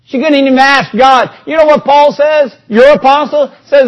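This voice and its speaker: A man's voice: extremely high pitch, fairly even intonation, moderate pace, highs cut off. A man preaching a sermon, talking to the congregation in a conversational way and reading out scripture.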